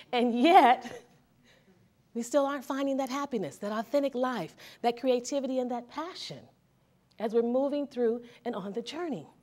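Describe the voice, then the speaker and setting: A woman therapist giving a motivational talk to a seminar audience, talking conversationally and often checking in with the audience. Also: medium pitch. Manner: conversational, asks the audience questions. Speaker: therapist and speaker.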